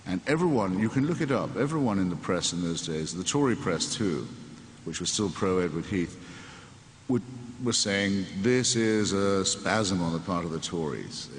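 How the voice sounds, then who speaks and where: A man's voice: deep voice, expressive, moderate pace. A man, a sardonic guest talking on stage in a wry, digressive way. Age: 60s. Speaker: interview guest. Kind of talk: onstage conversation before an audience. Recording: echoey hall, faint room noise.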